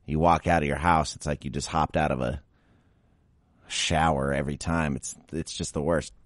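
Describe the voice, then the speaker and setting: Slightly sick after drinking, a young man hosting a pet podcast grumbles through a casual solo rant, exasperated and mocking baby talk. He has a bass voice with a level tone at normal speed, captured in clean studio sound without echo.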